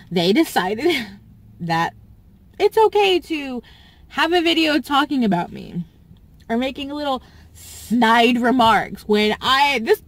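A woman talking to camera about a falling-out with a friend, tearful, halting and repeating herself as she restarts her sentences. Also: on the high side. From Southern US. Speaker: YouTuber. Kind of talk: emotional personal vlog.

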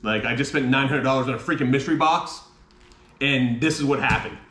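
A man's voice: mid-range voice, fairly quick, pushed and bright. A man vlogging about a comic book mystery box, talking in a frustrated, exasperated way with mild swearing. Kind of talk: casual unboxing vlog. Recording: echoey room, faint ambience.

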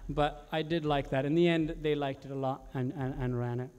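A man with a slightly higher-than-usual voice recounts his work as a commercial director. He talks in an animated way and often restarts his sentences or adds fillers. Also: a little fast, slight background noise. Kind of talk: reflective storytelling about his work.

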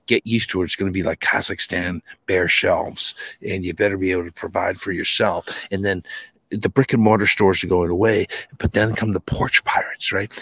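A man's voice: low voice, gravelly, a bit bright, husky, dry recording. A man talking as a guest in a casual, rambling chat, emphatic and full of restarts. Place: home near the Charles River.

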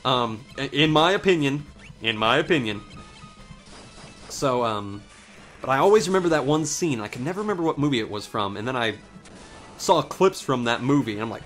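A man's voice: mid-range voice, moderate pace, pauses often, faint music behind. Young guy doing lets play commentary, rambly, curses a lot, bouncy up and down voice. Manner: rambling, swears casually, animated reactions. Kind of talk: casual gameplay commentary with storytelling.

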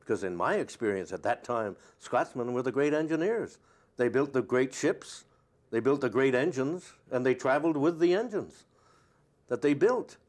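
A man's voice: mid-range voice, lively intonation, moderate pace. Older male actor, interview guest, meandering storyteller with many fillers. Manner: rambling and anecdotal, many fillers. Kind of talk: casual interview chat.

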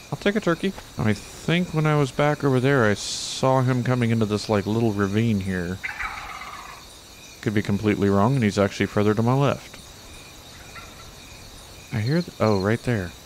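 A man with a lowish voice giving relaxed, chatty commentary over his own gameplay. He talks to the animals on screen and swears only mildly. A faint hiss of noise sits under the recording. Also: moderate pace, pauses often. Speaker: gaming channel host.

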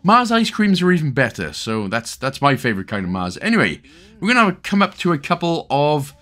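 A man's voice: fairly high pitch, huge pitch swings, a little fast, bright, forceful tone. Chatty Welsh man guiding a game. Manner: chatty, joking asides, many fillers. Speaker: game guide host. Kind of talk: casual gameplay commentary.

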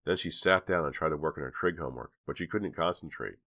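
Very deep-voiced male audiobook narrator. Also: fast, gravelly, pushed and bright. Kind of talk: scripted narration.

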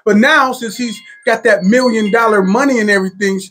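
A man hosting a casual podcast discussion, talking in an animated, enthusiastic way with many fillers. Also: high-pitched, fairly quick, husky, soft background music. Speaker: podcast host.

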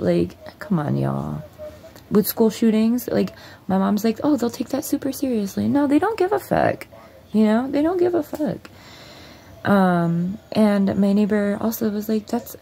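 A woman's voice: mid-range voice, vocal fry, mellow, husky. A woman vlogger at home, bluntly and profanely retelling a story in a casual storytime.

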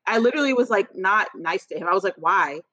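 Woman podcast co-host, bright and forceful, blunt animated storyteller, dry muffled sound. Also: mid-range voice, quick pace, no room sound. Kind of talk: casual chat.

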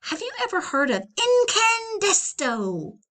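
A woman voicing an earnest, cynical young girl in a storybook read-aloud, speaking in an intense, deliberate way. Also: very high-pitched, huge pitch swings, fairly bright tone, voice pushed up, full character voice.

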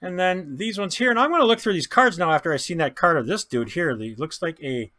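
A man giving chatty, excitable commentary while opening baseball card packs, often stumbling over player names and laughing. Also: fairly high pitch, fairly quick. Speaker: card pack breaker.

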